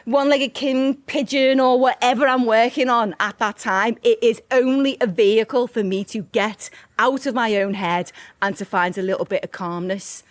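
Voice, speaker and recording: A woman's voice: fairly high pitch, steady tone, moderate pace, hardly any pauses, no echo. A woman yoga teacher, chatting animatedly in an interview and firing off rhetorical questions. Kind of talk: casual interview chat.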